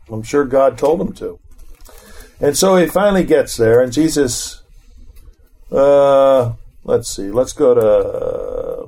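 A man's voice: mid-range voice, mellow. A middle-aged man leading an informal Bible study, reading verses aloud and then commenting on them in a conversational way.

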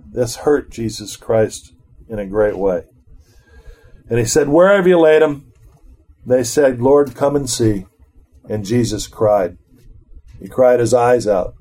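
A middle-aged man leads a relaxed Bible study. He reads scripture aloud, then breaks off to talk it over with his listeners in an easy, chatty way. His voice sits at an ordinary middle pitch. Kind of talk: informal Bible teaching.

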